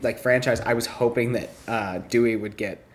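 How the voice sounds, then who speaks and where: A man in a casual, playful chat with a fellow cast member, often leaping into higher voices when quoting people. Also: fairly even intonation, normal speed, a little hiss or hum. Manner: playful, jumps high when quoting others. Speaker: cast member interviewing a castmate.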